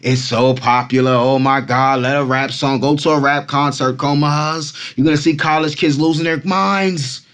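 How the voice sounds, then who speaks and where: A man's voice: mid-range voice, moderate pace, hardly any pauses, clear, resonant tone. A man from Brooklyn, hosting a casual crypto vlog and talking animatedly to his followers. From Brooklyn, New York. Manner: animated, repetitive, keeps addressing fans as Kumas. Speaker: crypto channel host.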